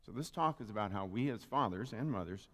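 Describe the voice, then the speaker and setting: A man's voice: fairly low pitch, expressive, brisk, fairly bright tone. A man giving a humorous, playful sermon to a live congregation, speaking into a microphone and drawing the audience in. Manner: playful, jokey, engages the audience. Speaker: spiritual practitioner giving a talk. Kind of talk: humorous Father's Day sermon. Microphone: handheld or stand microphone. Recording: long reverb of a hall.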